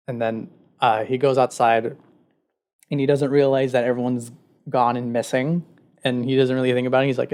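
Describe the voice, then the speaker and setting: A man co-hosting a podcast has a mid-range, darkish voice with fairly even intonation and a fairly quick pace. He retells a story casually and ramblingly, using many filler words.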